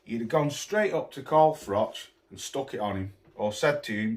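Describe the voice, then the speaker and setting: A man's voice: mid-range voice, animated, moderate pace, few pauses. Scornful man ranting about boxing. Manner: scornful, swearing, name-calling. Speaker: boxing commentator vlogger. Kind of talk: angry rant to camera.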